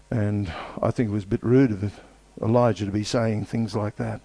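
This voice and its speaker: Low, mellow-voiced man preaching emphatically. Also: fairly even intonation, no echo. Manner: emphatic, repetitive preaching with dramatic pauses. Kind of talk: sermon.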